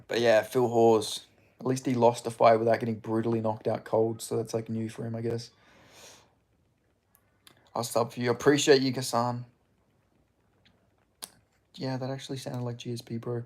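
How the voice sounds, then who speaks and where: A man's voice: medium pitch, flat delivery, normal speed, pauses often, a little mellow. A young Australian man streaming, chatting casually with viewers in a sweary, rambling way. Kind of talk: casual live-stream chat.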